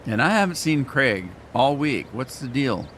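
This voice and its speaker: A man's voice: medium pitch, sing-song, normal speed, a bit bright, a little hiss or hum. Chatty older man streaming a game. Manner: rambling, chatty, self-deprecating. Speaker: gaming streamer. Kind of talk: casual gameplay commentary.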